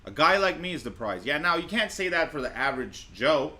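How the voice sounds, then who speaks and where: A man's voice: a little high, very animated, fairly quick, sharp tone. A man doing crude reaction commentary on clips, boastful and blunt, swearing freely.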